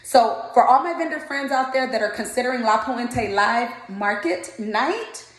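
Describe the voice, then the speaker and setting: A woman's voice: a little high, animated, normal speed. Indignant woman venting, echoey room. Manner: indignant, retells dialogue in quoted voices. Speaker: vlogger, mobile candle vendor. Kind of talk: casual storytime rant to camera.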